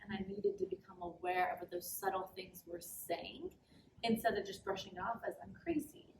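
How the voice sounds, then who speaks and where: A woman's voice: medium pitch, normal speed, a little hiss or hum. A young woman talking candidly about her own life as a podcast guest, with a casual, chatty manner and lots of "like". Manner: candid, chatty, heavy use of "like". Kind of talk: casual personal storytelling. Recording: roomy sound, mic at a distance.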